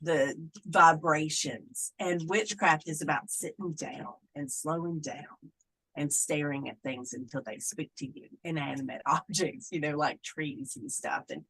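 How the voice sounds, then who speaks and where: A woman's voice: sits low, steady tone, measured pace, fairly bright tone, breathy edge, rough recording. Middle-aged woman, casual interview guest, chatty, acts out quotes playfully. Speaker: Wiccan clergy guest.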